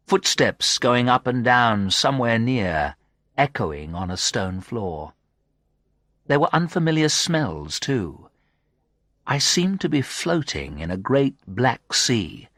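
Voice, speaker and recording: A man tells a story as graded-reader narration, using a low voice that is bright and dry. Slow, clear and expressive, he's captured in a dry recording.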